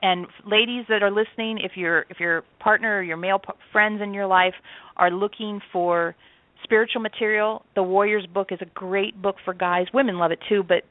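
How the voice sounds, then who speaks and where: A woman's voice: mid-range voice, fairly even intonation, normal speed, no room sound. A woman guest in an interview, talking in a chatty, enthusiastic way with frequent restarts. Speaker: channeler and author, interview guest. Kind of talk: casual interview talk. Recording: dry tinny phone line.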